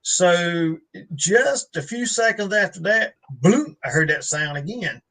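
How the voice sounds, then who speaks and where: A man's voice: high voice, expressive, slow pace, fairly bright tone, rough recording. A man tells a rambling story on a live show, full of fillers and restarts. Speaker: guest. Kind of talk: casual storytelling on a live stream.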